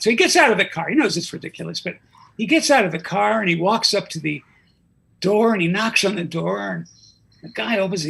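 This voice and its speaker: A man's voice: sits high, expressive, a little fast, gravelly, a bit bright, breathy edge. A man guest on a talk show, a comedy writer telling a joke animatedly with character voices. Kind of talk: casual chat and joke telling.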